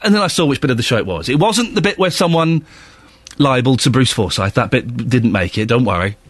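A man's voice: medium pitch, lively intonation, brisk, husky, no room sound. A man in his thirties with a London accent, presenting a casual morning radio show with wry, self-mocking chat. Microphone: studio microphone.

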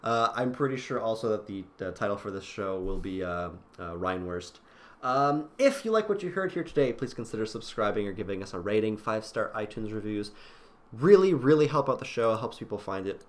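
A man co-hosting a casual gaming podcast, rambling and excitable, full of fillers and restarts. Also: lowish voice, fairly quick. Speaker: podcast co-host.

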